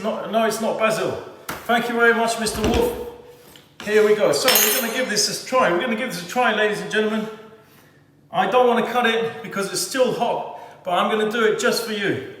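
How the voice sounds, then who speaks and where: A man's voice: high-pitched, a bit bright, very echoey, long reverb tail. A man hosting a home cooking show, theatrical and effusive as he talks straight to his viewers. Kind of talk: enthusiastic cooking demonstration.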